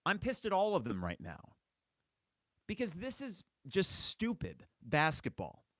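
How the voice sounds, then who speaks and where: A man's voice: high voice, huge pitch swings, unhurried, fairly bright tone, dry recording. A man in his thirties hosting a sports fan podcast, commenting in an impassioned, exasperated rant. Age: 30s. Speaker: podcast host.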